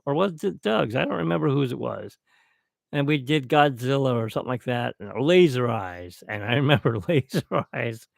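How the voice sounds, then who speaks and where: A man's voice: mid-range voice, animated, normal speed, gravelly, no echo, clean studio sound. A middle-aged man hosting a solo podcast toast, rambling and reminiscing at his own pace. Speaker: podcast host. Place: at home, alone.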